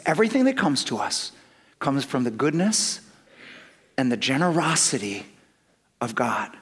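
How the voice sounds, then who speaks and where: A middle-aged man preaching a sermon, telling personal stories with lively swings from loud emphasis to hushed asides. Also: fairly high pitch. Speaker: pastor.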